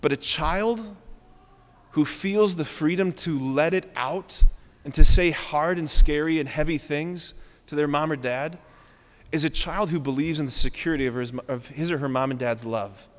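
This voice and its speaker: A man's voice: a little high, normal speed, fairly bright tone, big-room sound. A man preaching a homily as a Catholic priest, earnest and emphatic, repeating phrases for stress. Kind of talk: sermon. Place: large church with long reverb.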